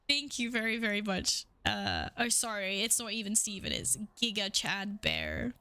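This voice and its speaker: A woman's voice: fairly high pitch, big pitch swings, unhurried, hardly any pauses, pushed and bright, no echo. A young woman streaming a game, chatting casually with her viewers, playful, swearing freely and laughing often. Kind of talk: casual live-stream chat.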